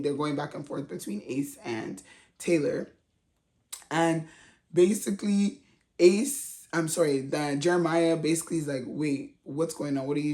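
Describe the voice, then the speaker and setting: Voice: medium pitch, a little mellow. Chatty vlogger with a mid-range voice. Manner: chatty, slangy, laughs often. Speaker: reality TV recap vlogger. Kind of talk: casual commentary.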